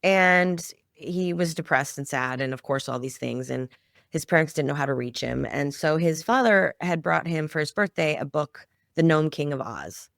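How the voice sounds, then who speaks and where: A middle-aged woman who founded a children's music project appears as a podcast guest, telling a family story with heartfelt emotion in a conversational interview. Her deep, gravelly voice moves at normal speed, captured in a dry, studio-quality recording.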